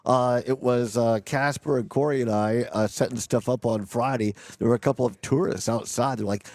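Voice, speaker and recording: A man's voice: medium pitch, animated, brisk, few pauses, a little mellow, dry recording. Chatty male radio host, dry sound. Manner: chatty, self-deprecating, frequent restarts. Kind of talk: casual live radio chat. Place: convention arena broadcast booth.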